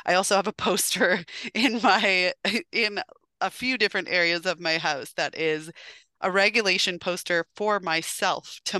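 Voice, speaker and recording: A woman's voice: on the low side, pushed and bright, clean tone, dry recording. A woman co-hosting a parenting podcast who shares practical stories from home in a casual way.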